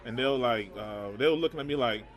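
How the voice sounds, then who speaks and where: A man co-hosting a casual chat show, telling stories in a rambling, animated way and repeating words as he goes. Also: medium pitch, quick pace, over a noisy crowd. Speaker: podcast co-host.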